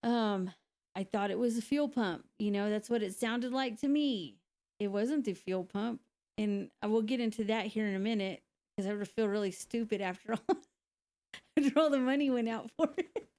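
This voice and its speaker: A woman's voice: on the high side, moderate pace, a little mellow. A woman, a single mother, telling her own story in a candid, conversational way, with frequent laughs and fillers. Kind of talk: casual personal testimony.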